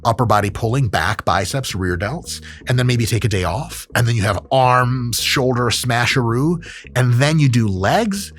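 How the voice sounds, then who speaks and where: A man of medium pitch and normal pace hosts a fitness commentary as an exercise scientist. He is animated and jokey, swearing casually while breaking down training and performing a funny ad read.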